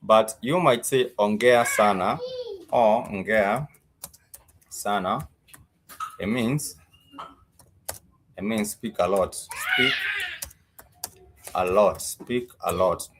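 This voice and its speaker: Slow, repetitive man teaching. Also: fairly low pitch, wildly swooping pitch, a bit bright, a little hiss or hum. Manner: slow, repeats each word and meaning, many uh fillers. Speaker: Swahili teacher. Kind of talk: live-streamed language lesson.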